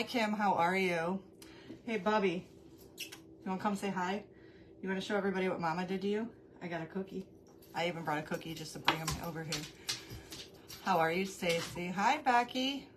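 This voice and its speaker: A woman's voice: on the low side, a little hiss or hum. A woman hosting a casual craft live stream at home, rambling and easily amused, often breaking off to greet viewers by name. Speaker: craft livestream host. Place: at home with her dog.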